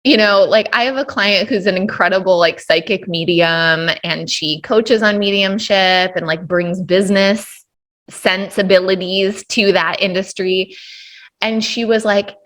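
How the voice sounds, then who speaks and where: A woman's voice: medium pitch, a little slow, fairly bright tone. A woman hosting a casual podcast interview, enthusiastic and affirming, laughing often. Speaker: podcast host.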